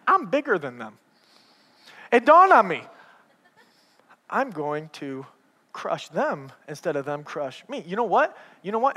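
Male pastor preaching, high bright voice, lots of laughing and acted-out voices, echoey hall. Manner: animated, laughing, acts out voices. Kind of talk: sermon with storytelling. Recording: reverberant hall.

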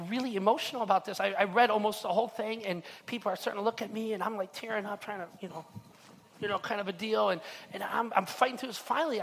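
A man's voice: high voice, fairly bright tone. A middle-aged man preaching a sermon as the pastor, telling a personal story earnestly with frequent stammered restarts. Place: church hall. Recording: long hall reverb.

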